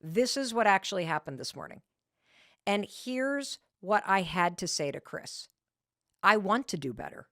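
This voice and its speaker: Lively, animated woman podcast host. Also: medium pitch, a little slow, no echo, studio quality. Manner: animated and emphatic, with frequent restarts. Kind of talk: motivational storytelling to listeners.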